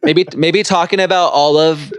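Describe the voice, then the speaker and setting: A male guest on a podcast, who chats in a relaxed, drawn-out way full of "like"s. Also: a little high, smooth, no room sound. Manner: relaxed, drawn-out chat with many likes. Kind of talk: casual chat.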